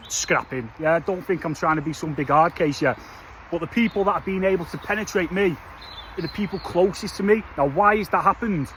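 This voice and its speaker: A man's voice: sits high, fairly bright tone, slight background noise, poor audio. A man giving a passionate, blunt motivational rant to his viewers, filling it with slang and calling them lad and mate. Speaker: vlogger.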